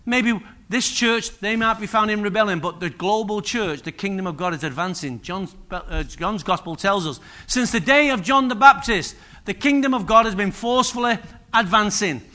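A man preaching a sermon, acting out biblical speakers with sudden loud bursts. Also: sits high, normal speed, few pauses. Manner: energetic preaching, voices biblical figures with sudden loud rises. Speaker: pastor.

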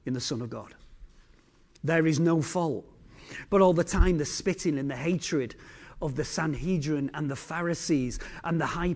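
A male preacher delivering a sermon as dramatic storytelling, swinging between loud declarations and hushed lines. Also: fairly high pitch.

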